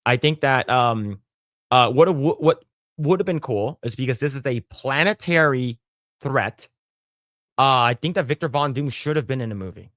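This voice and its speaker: A podcast host with a medium-pitched, fairly bright voice sounds animated at normal speed, recorded dry in studio quality. He chats casually, rambling with plenty of fillers and restarts.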